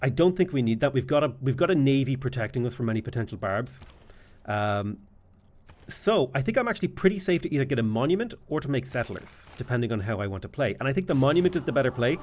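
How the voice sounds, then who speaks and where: A man's voice: medium pitch, sing-song, fast, a little mellow. A man with an Irish accent giving live gameplay commentary and trading jokey banter with his chat. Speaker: streamer.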